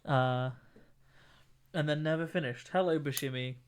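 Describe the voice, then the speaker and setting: A man's voice: on the high side, measured pace, slight background noise. A man streaming while he paints miniatures, laid-back and chatty, laughing often. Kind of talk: casual chat.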